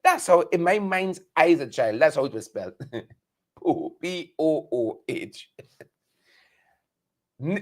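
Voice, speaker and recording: A Guyanese man delivers satirical commentary in a high voice that leaps up and down as he talks. He hammers his points by repeating them and mimicking others. The delivery is animated and mocking. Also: slow pace, pauses often. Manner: animated, repeats lines for emphasis, mocks with mimicry. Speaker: host.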